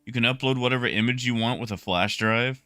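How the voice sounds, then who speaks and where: A young man casually chatting with his stream viewers, relaxed and talkative, greeting people by name. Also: medium pitch, a little fast, dry recording, studio quality. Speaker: livestreamer.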